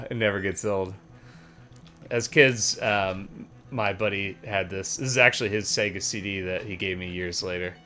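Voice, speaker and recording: A man in his thirties chats casually while streaming a retro game. His voice sits low but has a bright, forward edge, and he rambles with plenty of ums. Faint game music plays behind him. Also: normal speed. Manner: relaxed, rambling with many fillers.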